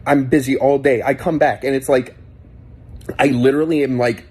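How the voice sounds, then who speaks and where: A man ranting to the camera, distressed and near tears, his speech halting and upset. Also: medium pitch, fairly even intonation, a little mellow, husky. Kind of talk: emotional vlog rant.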